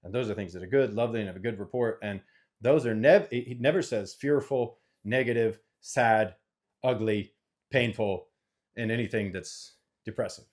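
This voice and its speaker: A man's voice: lowish voice, moderate pace, a little mellow. A middle-aged man speaking off the cuff as a channel host, earnest and a little preachy, citing scripture while giving money advice. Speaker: investment CEO and channel host. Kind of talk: unscripted motivational monologue.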